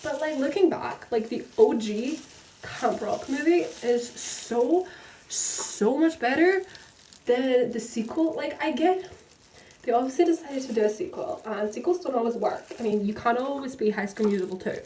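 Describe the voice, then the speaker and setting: Young woman, casual rambling chat, lots of "like", slightly high pitch, echoey room, faint background noise. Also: moderate pace, dark tone. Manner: rambling, chatty, full of fillers, laughs at herself. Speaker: book vlogger. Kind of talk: casual chat while dyeing hair. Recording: roomy echo, slightly distant.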